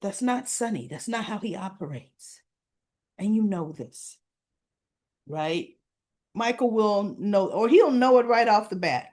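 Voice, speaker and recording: A woman casually recapping soap opera scenes, acting out the characters' lines and talking back to them with animated indignation. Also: medium pitch.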